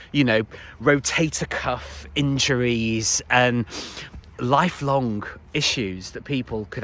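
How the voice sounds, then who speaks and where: A man in his forties with a medium-pitched, slightly bright voice talks as a life coach. His casual motivational monologue rambles, full of restarts and laughter.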